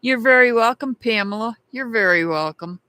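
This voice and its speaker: A woman's voice: a little high, moderate pace, pushed and bright, smooth, no echo. A woman hosting a tarot live stream, chatting casually and calling out viewers by name as she thanks them.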